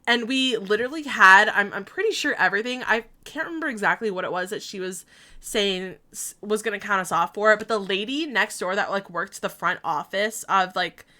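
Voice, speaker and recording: Bright-voiced chatty woman streamer. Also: medium pitch, brisk. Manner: chatty storytelling, laughing often, quoting herself. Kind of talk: casual chat while streaming a game.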